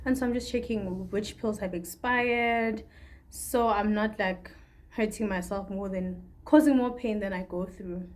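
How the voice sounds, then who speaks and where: A young woman from Africa, talking through a candid, rambling personal video diary. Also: medium pitch. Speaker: vlogger.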